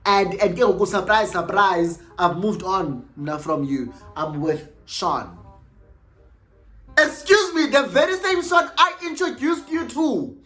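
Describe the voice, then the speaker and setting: A young South African woman telling a storytime vlog, animated and exclamatory, switching freely between languages. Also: mid-range voice, unhurried, soft background music. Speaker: YouTuber.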